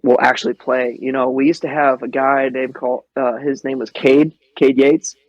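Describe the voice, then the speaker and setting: A man from the American Midwest, a guest on a podcast, telling animated airsoft stories in casual chat, swearing freely and laughing often. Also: medium pitch, moderate pace, highs cut off.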